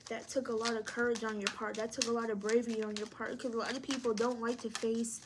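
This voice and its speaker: Woman doing a tarot reading on cam, kinda high voice, talks right to you, encouraging, faint noise behind. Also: level tone, quick pace. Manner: warm, encouraging, speaks directly to the viewer; thinks aloud while pulling cards. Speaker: tarot reader.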